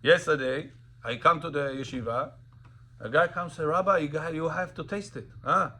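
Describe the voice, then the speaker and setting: Animated rabbi teaching a class. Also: male voice, on the high side, moderate pace. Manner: animated storyteller, quizzes students, mixes in Russian and Hebrew. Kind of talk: Torah class on Sabbath laws. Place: classroom with students.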